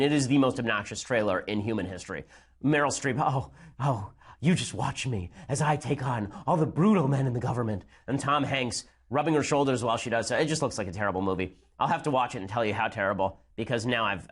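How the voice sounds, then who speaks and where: A man hosting a political commentary show, talking in a fast, sarcastic, combative monologue. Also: mid-range voice, fairly bright tone. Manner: rapid-fire, sarcastic, combative.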